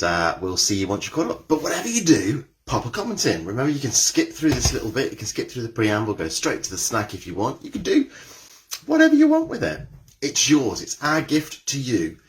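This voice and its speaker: A man's voice: mid-range voice, big pitch swings, moderate pace, a bit bright. A cheery, chatty man hosting a live online exercise class, greeting viewers by name and reading out their comments.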